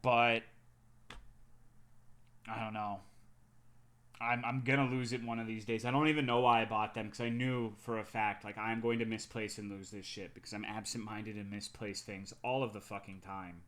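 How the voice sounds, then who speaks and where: A man's voice: lowish voice, normal speed. A young man streaming and chatting casually, telling a story with a lot of swearing. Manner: chatty storytelling, frequent swearing, animated when excited. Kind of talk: casual chat.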